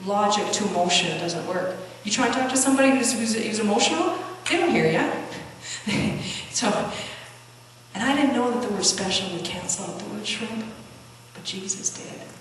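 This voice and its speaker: A woman's voice: medium pitch, expressive, moderate pace, a little hiss or hum. A woman counselor giving a conversational conference talk, telling stories with many restarts and acting out quoted dialogue. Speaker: Christian counselor and conference speaker. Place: large conference hall. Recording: echoey hall heard from a distance.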